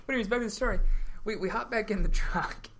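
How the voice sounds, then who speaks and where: A man's voice: sits high, fast talker, a bit bright. A young man hosting a casual podcast, telling stories in a chatty way and laughing between lines. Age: young adult. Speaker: podcast host.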